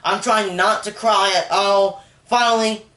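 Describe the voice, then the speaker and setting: Reviewer channel host, chatty recap with lots of filler, mid-pitched voice in an echoey room. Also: fairly even intonation, measured pace, sharp tone, a little hiss or hum. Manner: rambling, heavy use of "like", emotional about the story. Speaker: movie reviewer. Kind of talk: casual spoken film recap.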